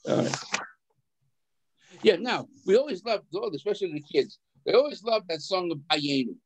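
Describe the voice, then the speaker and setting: A man's voice: high voice, very animated, unhurried, pauses often, a little mellow, slight background noise, poor audio. A man teaching an adult class, explaining a text, putting questions to the class and chuckling as he goes, often repeating words. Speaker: rabbi teaching adult education. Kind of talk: adult education class on the Passover Haggadah.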